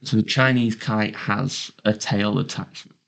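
A man's voice: on the low side, steady tone, a little slow, creaky, a bit bright. A man co-hosting a casual chat, joking and sceptical, chipping in with comic asides. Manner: joking, sceptical, laughs at his own bits. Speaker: podcast co-host. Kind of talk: casual banter.

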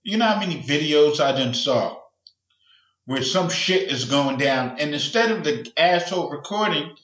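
A man's voice: fairly high pitch, expressive, moderate pace, a bit bright, lo-fi sound. Profane man rambling in a roomy room. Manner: profane, rambling, acts out quoted voices. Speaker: podcast host. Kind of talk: casual solo rant.

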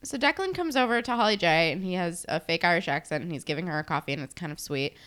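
Expressive woman podcast co-host. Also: fairly low pitch, clear, resonant tone. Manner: lively storytelling, quick to agree, swears. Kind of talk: casual episode recap chat.

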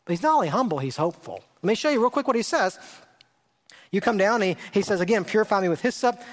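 A middle-aged man preaching a sermon as a pastor, earnest and emphatic, repeating phrases and dropping his voice low for effect. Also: sing-song, quick pace.

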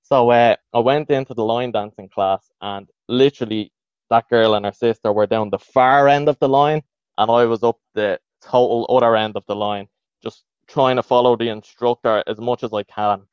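Irish podcast co-host, thirties, casual storyteller, dry slightly muffled mic. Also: male voice, mid-range voice, normal speed, clean tone, dry recording. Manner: animated, laughing, slips into voices of others.

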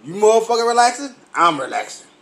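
Tipsy male vlogger, high and swooping voice, unhurried profane comic rant. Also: sing-song, vocal fry, fairly bright tone. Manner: profane, boisterous, laughing often. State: tipsy from drinking.

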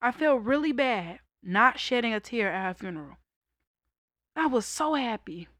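A young woman candidly telling a personal story in a casual monologue, raw and conversational, breaking into loud laughter. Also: fairly high pitch, animated, moderate pace, no echo, studio quality. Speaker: vlogger.

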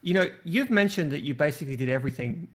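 A man hosting a podcast, asking a guest questions in a relaxed way with plenty of hesitant fillers. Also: a little high, fast. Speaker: podcast host. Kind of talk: casual podcast interview.

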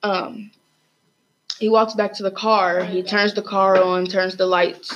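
A woman's voice: medium pitch, flat delivery, slow, muffled recording, a little hiss or hum. A woman casually retelling a story as a student podcast host, rambling with lots of fillers and restarts.

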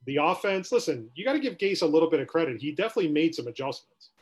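A man's voice: on the high side, very animated, racing, husky. A man co-hosting a sports podcast, ranting with rhetorical questions in casual talk.

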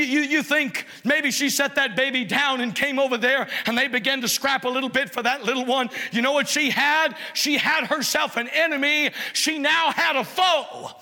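A man pastor preaching a sermon in a church, impassioned and at times shouting. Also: very high-pitched, big-room sound. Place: church sanctuary.

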